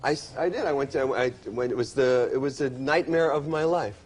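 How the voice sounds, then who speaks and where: A man's voice: mid-range voice, darkish tone. A man doing a stand-up routine on stage, teasing the crowd, then chatting with the host. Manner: quick, teasing banter with the crowd. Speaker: stand-up comedian. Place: stage before a live audience.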